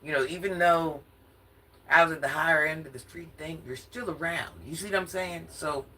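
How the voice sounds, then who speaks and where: In a casual vlog rant, an older social media commentator from Atlanta gets confrontational and sassy, laughing throughout. She speaks at normal speed in a low voice with a sharp tone, and slight background noise is audible.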